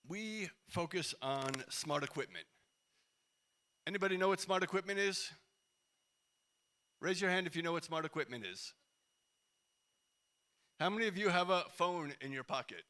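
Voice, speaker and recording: A man's voice: a little high, pushed and bright. A man giving a casual, engaging talk to a crowd in a large indoor hall, asking the audience questions. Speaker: company CEO speaking at event.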